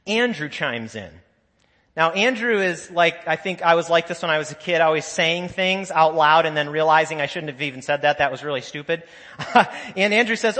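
A man's voice: fairly high pitch, lively intonation, moderate pace, bright, forceful tone. A man preaching a sermon as a pastor, in a conversational storytelling way, with asides and voiced quotes from the people in his stories. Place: church sanctuary. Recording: long church reverb.

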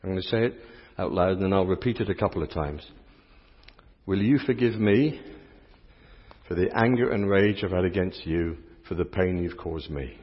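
A man's voice: deep voice, normal speed. A middle-aged English priest giving a playful, interactive sermon and teasing his volunteers. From England. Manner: playful, teasing, chatty with the congregation. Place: church. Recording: dull lo-fi sound with long church reverb.

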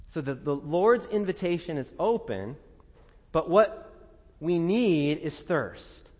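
A man preaching a sermon as a pastor, earnest and conversational, laughing at times and dropping soft and low in prayerful moments. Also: sing-song, takes it slowly, big-room sound. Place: church.

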